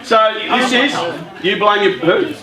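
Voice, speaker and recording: A man giving a motivational talk to a group of young people, chatty and lively, telling stories and putting questions to the audience. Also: high voice, a little slow, reverberant, a loud crowd, rough recording. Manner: lively, chatty storyteller who talks with the audience. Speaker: youth workshop speaker.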